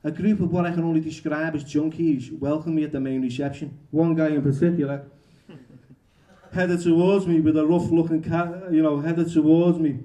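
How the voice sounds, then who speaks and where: A male author reading his memoir aloud at a bookshop event, halting and correcting himself as he goes. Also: fairly high pitch, steady tone, dark tone, dull audio. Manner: halting, restarts and self-corrections.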